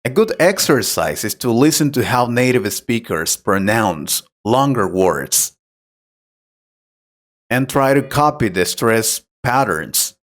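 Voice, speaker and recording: Slow, lively-voiced male English teacher. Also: mid-range voice. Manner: clear, patient explaining. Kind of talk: scripted conversation lesson.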